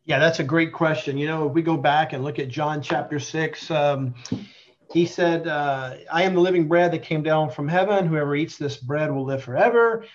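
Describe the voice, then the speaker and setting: A man explains his faith in an earnest, emphatic way, slowing down to stress key phrases. His voice sits fairly high. The recording sounds dull and lo-fi. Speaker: guest, Catholic convert. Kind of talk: conversational religious testimony and explanation.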